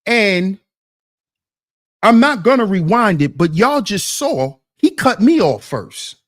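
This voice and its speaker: Slow, animated man preaching to his chat. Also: high-pitched. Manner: indignant, preachy, rhetorical questions to his chat. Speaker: commentary channel host. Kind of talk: reaction commentary to a debate clip.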